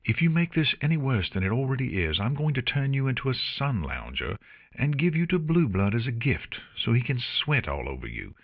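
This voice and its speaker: A man voicing a cool, haughty pony princess in a storybook reading, speaking in an even, curt tone. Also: mid-range voice, brisk, no echo, voice pushed up.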